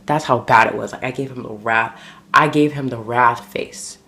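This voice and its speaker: A man vlogging, telling embarrassing stories in an animated, dramatic way, full of fillers. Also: mid-range voice, moderate pace. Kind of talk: casual storytelling to camera.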